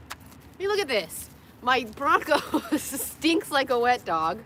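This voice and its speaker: Lively, crude-joking young woman livestreaming. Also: high voice, takes it slowly, pauses often, slight background noise. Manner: joking, crude, laughs often, coos at her dogs. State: tired. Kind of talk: rambling livestream chat. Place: parked car in a parking lot.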